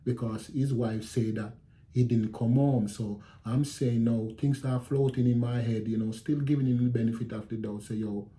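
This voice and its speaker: A middle-aged Jamaican man telling his viewers a story in a casual, animated way, repeating phrases and acting out what people said. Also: mid-range voice, normal speed. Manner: animated retelling with repeated phrases and quoted speech. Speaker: channel host telling a story.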